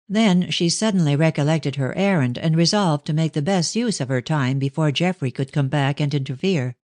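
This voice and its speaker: Low-voiced woman reading a mystery. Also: normal speed, few pauses, a little mellow, no room sound, studio quality. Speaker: audiobook narrator. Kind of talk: scripted narration of a classic mystery novel.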